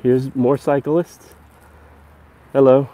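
A man's voice: mid-range voice, flat delivery, takes it slowly, lo-fi sound. A man narrating a casual live-stream walking tour outdoors, out of breath from climbing stairs and chatting to his viewers as he goes. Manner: chatty, addresses viewers as guys. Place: outdoors on a hillside park at dusk.

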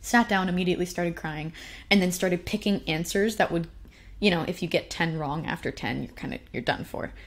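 A young woman telling personal stories in a casual, animated way, laughing often and poking fun at herself. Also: fairly low pitch, fairly quick. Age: young adult. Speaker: speaker sharing personal stories. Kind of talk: casual storytelling talk.

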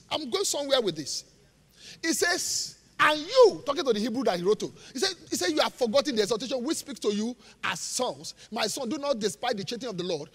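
A high-pitched pastor preaches a lively sermon, his voice swinging up and down as he fires rhetorical questions at the congregation. His tone is bright and cutting, and the live recording carries the long reverb of a large church hall. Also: breathy edge. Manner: animated preaching, rhetorical questions, laughing asides.

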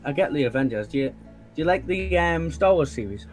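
A man guesting on a game channel, chatting casually in a hesitant, halting way with many fillers. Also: a little high, lively intonation, soft background music. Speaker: guest co-player. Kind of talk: casual chat during gameplay.

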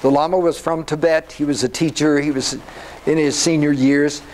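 An older man giving an animated storytelling talk to an audience. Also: on the high side, normal speed, a little hiss or hum, poor audio. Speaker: speaker.

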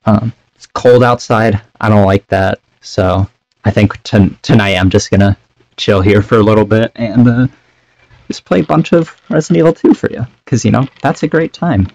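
A man's voice: fairly low pitch, moderate pace, a little mellow, no room sound. A young man streaming for the first time, chatting casually and apologetically while setting up, on a cheap microphone. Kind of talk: casual chat. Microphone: cheap desk microphone.

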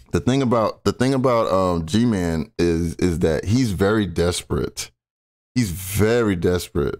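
A man's voice: sits low, a little mellow. A man doing casual, profane live-stream commentary on clips, rambling between remarks. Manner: profane, rambling, frequent laughter.

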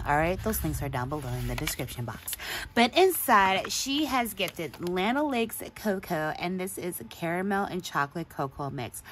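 A woman's voice: fairly low pitch, slight background noise. A woman hosting a craft video, gushing in a casual show-and-tell chat and laughing often. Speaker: craft channel host.

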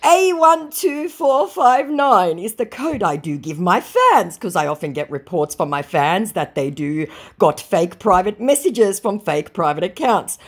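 Woman putting on a high, slow, whiny young scam artist, begging and wheedling, mocking read. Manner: mocking, high and drawn-out read of his messages. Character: wheedling young male online scammer, pleading.

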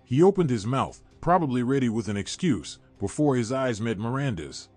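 A man giving a steady, measured scripted narration of a horror story. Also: mid-range voice. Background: faint music.

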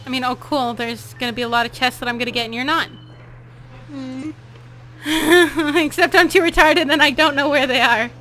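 A woman with a high, bright voice hosts a casual co-op game session. She laughs often and swears freely as she plays. Her tone stays playful and loose throughout. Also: moderate pace, a little hiss or hum, rough recording. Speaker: let's play host. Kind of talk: casual gameplay chat.

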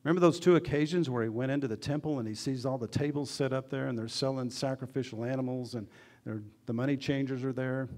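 Speaking quickly with few pauses and a steady tone, this mid-range male pastor preaches earnestly in church. He directs questions at the congregation while alternating between loud emphasis and hushed asides.

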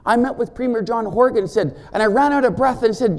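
A First Nations chief gives a conference keynote in a brisk, high-sitting voice. Lively and humorous, he keeps asking the crowd questions.

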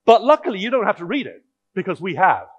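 A man's voice: sits high, sing-song, fast, husky, dry recording, muffled recording. A man giving a technical conference talk, explaining in a wry, audience-directed way. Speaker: conference speaker.

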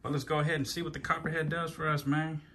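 A man's voice: a little high, little pitch movement, fast talker, pushed and bright, slight background noise. A man hosting a casual vlog, slangy and hyped, swearing freely. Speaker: channel host.

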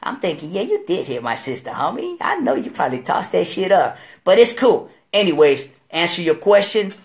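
Animated gravelly man telling a story. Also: sits high, moderate pace. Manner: animated, profane street slang, acts out quoted voices. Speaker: guest. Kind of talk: storytelling interview.

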